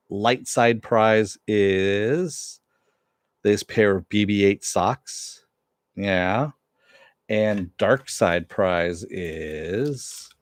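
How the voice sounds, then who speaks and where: A man with a lowish voice hosts his own review channel and closes the episode in a loose, rambling way. He drifts into asides and offhand remarks as he goes. The recording is close and dry, with no room sound. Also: dry recording. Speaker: host. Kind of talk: casual review sign-off.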